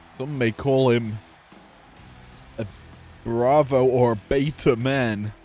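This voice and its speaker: A man's voice: medium pitch, fairly even intonation, slow pace, mellow, faint music behind. A man doing casual play-by-play commentary, full of joking, offhand asides.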